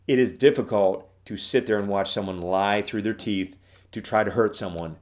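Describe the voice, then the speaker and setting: A man's voice: lowish voice, normal speed. A man talking as a trial lawyer, giving instructional advice in an emphatic, direct, matter-of-fact way. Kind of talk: instructional talk.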